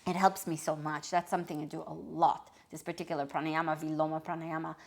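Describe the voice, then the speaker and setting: A woman hosting a reflective self-help video, talking gently and openly about her feelings, often pausing and restarting to search for words. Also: sits low, little pitch movement, creaky. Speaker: wellness video host.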